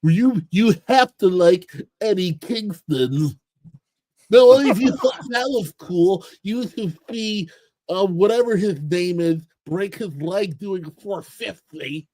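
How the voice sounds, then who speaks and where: A man's voice: high voice, slow pace, a little mellow, no room sound. A man on a casual wrestling podcast panel, rambling and restarting his sentences. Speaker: podcast co-host.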